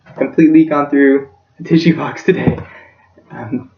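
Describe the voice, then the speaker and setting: A man's voice: fairly high pitch, fairly even intonation, moderate pace. A young man giving a practice persuasive speech for a class, earnest and emotional, his voice close to breaking. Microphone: self-recorded from a distance. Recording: echoey room, distant dull-sounding mic.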